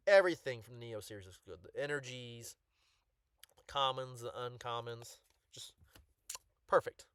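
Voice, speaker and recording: A card collector YouTuber with a fairly high voice chats excitedly about his collection, tripping over restarts and filling gaps with "um." The recording is dry and close-miked, with no room sound.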